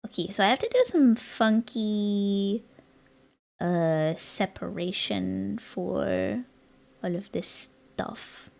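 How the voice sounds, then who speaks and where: A woman's voice: mid-range voice, expressive, slow pace, vocal fry, a little mellow. An American woman streaming live, chatting casually and playfully with her viewers while she works on a design. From United States. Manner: chatty, playful, teasing, rambling asides to chat.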